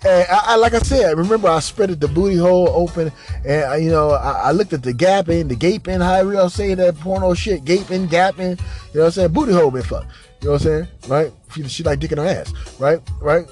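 A man hosting a podcast, telling a crude comic story in a rambling, animated way, repeating filler questions. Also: a little high, fast, soft background music. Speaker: podcast host.

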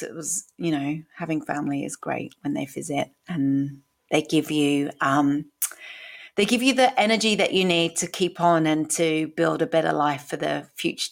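A woman's voice: low voice, creaky. A woman in her forties hosting a podcast, telling her own story in a candid, emotional way and swearing casually. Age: 40s. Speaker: podcast host. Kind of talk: personal story monologue.

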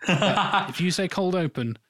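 A man's voice: sits high, expressive, measured pace, fairly bright tone, no room sound. Dry-witted man, close dry sound. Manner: dry, wry remarks. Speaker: podcast co-host. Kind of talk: casual chat.

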